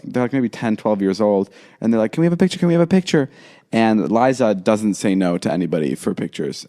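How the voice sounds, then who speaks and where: A young podcast co-host with a lowish, mellow voice spins a long story in casual chat, rambling along and animatedly quoting the people involved.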